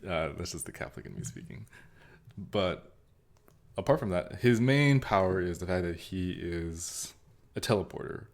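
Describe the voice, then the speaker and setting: Young man, low voice, casual podcast co-host, rambling, self-amused. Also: moderate pace. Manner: rambling, laughs at himself, drifts softer at times. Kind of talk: casual chat.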